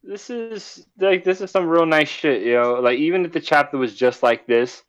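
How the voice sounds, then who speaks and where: A man's voice: a little high, expressive, moderate pace, lo-fi sound. A man in casual chat, reacting and exclaiming, swearing freely. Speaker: podcast co-host.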